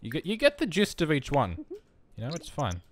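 A man's voice: fairly high pitch, wildly swooping pitch, a little fast, a little hiss or hum. A young man giving wry, self-mocking commentary while playing a life-simulation game. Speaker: let's play host. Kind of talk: casual gameplay commentary.

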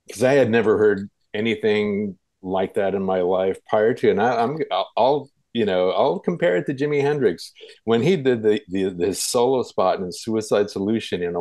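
A man's voice: on the low side, darkish tone, no echo, poor audio. A man talking casually in an interview, recalling an old concert with many fillers and restarts. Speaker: guest.

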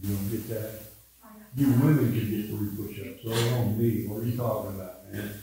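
A man's voice: fairly low pitch, steady tone, normal speed, warm tone, a little hiss or hum. A man in his seventies with a Midwestern American accent, a pastor telling rambling, self-mocking stories in a casual Bible study. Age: 70s. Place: church room. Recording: echoey room, mic far off.

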